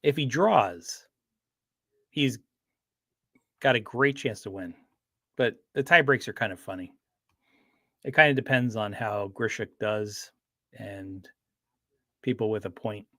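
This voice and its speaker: A man's voice: on the low side, slow pace, pauses often, pushed and bright, no room sound, clean studio sound. A man chatting casually on a livestream, rambling with frequent restarts and fillers. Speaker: streamer.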